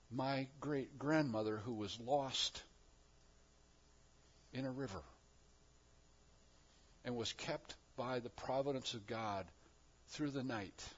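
Guy preaching a sermon, goes quiet then really loud and punchy, kinda muffled lo-fi sound. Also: medium pitch, husky. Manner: swings from soft and reflective to loud and emphatic. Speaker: pastor.

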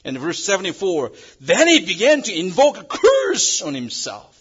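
A man preaches a sermon in English that is not his first language. He moves between dramatic loud emphasis and quiet, hushed moments, and his pitch rises and falls widely. His voice is husky, and the recording sounds muffled. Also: wildly swooping pitch, normal speed. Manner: non-native English phrasing. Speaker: pastor.

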